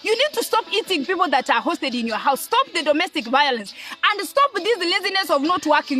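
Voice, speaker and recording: A woman's voice: high voice, pushed and bright. A Kenyan woman ranting to her audience in an emphatic, scolding way, repeating words and asking "eh?" between points. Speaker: online commentator. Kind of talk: ranting monologue to camera.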